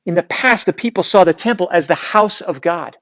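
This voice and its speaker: A man preaching to a youth group in a relaxed, conversational way, reading scripture aloud with frequent restarts. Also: high-pitched, brisk. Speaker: youth pastor. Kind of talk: sermon.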